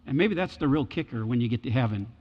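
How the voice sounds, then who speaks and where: A man's voice: medium pitch, expressive, fast talker, breathy edge. A man preaching a sermon with dramatic delivery, acting out voices from the scriptures. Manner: dramatic, acts out biblical voices. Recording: echoey hall, dull lo-fi sound.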